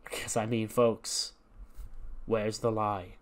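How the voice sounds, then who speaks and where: A man's voice: medium pitch, moderate pace, long pauses. Chatty man narrating a game. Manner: chatty, playful, acts out scenes. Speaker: gaming video host. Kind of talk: casual game commentary.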